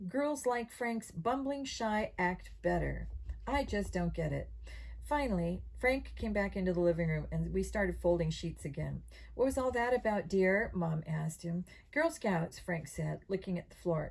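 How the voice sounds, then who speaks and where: A woman reading a children's mystery novel aloud in an expressive, steady storytelling voice. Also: lowish voice, moderate pace, gravelly, poor audio. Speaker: audiobook reader.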